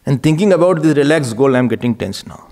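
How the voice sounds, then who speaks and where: A man's voice: medium pitch, expressive, a little fast, mellow, a little hiss or hum. A man giving a spiritual discourse, asking rhetorical questions and chuckling often. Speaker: spiritual teacher.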